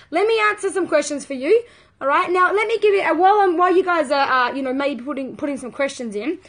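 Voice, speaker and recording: A woman, talking earnestly and emphatically as a parenting coach in a live video chat with viewers. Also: high-pitched.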